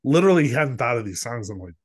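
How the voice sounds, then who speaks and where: A man co-hosting a podcast at a middle pitch, chatting loosely and retelling a story. He fills his talk with filler words and jumps into quoted voices as he goes. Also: sing-song, very fast, husky. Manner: rambling, filler-heavy, acts out quotes. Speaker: podcast co-host. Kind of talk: casual chat, film review.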